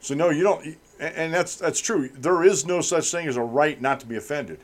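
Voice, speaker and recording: A man's voice: fairly high pitch, normal speed. A man hosting a political commentary show, reading news items and then ranting about them with scorn.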